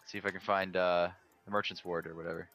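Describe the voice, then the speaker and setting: A man's voice: low voice, fast, gravelly, faint music behind. A man playing a tabletop game, asking curious questions in character. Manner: curious, asks many questions, lively. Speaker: player.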